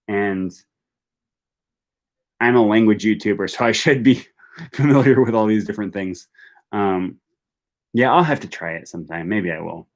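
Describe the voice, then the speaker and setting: A young man chats through a live stream, reading viewer questions aloud and answering off the cuff. His voice sits in an ordinary middle pitch, and he talks with easy, rambling warmth, full of ums and self-corrections. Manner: reads viewer questions aloud and answers chattily, many fillers. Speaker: language YouTuber hosting a live stream.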